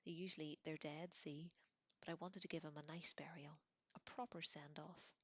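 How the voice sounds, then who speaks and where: A woman reading in a whispered role-play, voicing a grieving giant groundskeeper with a halting, choked, way of speaking. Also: low voice, flat delivery, a bit bright, breathy edge, no echo. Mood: tearful. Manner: halting, choked, tearful speech.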